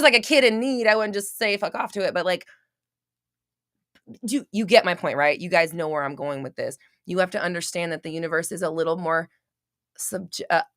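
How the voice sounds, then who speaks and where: A woman's low-leaning, sharp-toned voice comes through clean studio audio with no echo. Live on her podcast, she talks frankly and casually with listeners, swears often, restarts and fills her sentences, and acts out small scenes using quoted voices.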